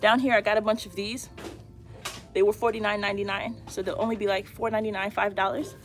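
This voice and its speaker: A woman walks through a big store on a handheld phone, chatting excitedly to her live viewers. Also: medium pitch, fast, soft background music. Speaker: shopping vlogger. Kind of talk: live-stream store walkthrough. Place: large retail store indoors.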